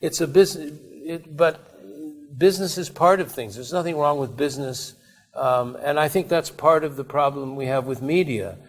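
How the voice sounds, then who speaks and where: A man's voice: fairly high pitch, normal speed. A man giving a conversational talk at a university, telling anecdotes in a rambling way with frequent restarts and asides. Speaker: invited speaker. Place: university seminar room.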